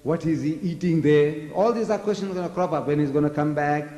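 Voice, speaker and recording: An older man with a South African accent giving a public religious lecture, animated and full of mocking rhetorical questions. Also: on the high side, brisk. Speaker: preacher. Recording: echoey hall recording.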